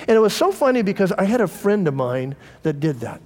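A man's voice: sits high, very animated, quick pace, a little mellow, big-room sound. A middle-aged man and pastor, preaching a conversational sermon and telling candid personal stories to his congregation. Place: church.

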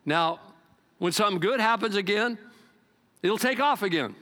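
Animated high-voiced male preacher. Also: normal speed. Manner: animated, conversational preaching with swings in pitch and loudness. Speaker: pastor. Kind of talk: sermon.

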